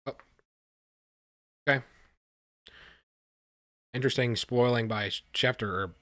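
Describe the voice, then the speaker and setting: A man hosting a live stream, reacting with excitement and talking to his chat, often repeating himself. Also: mid-range voice, slow pace, dry recording, studio quality. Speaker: livestream host reacting to a draft.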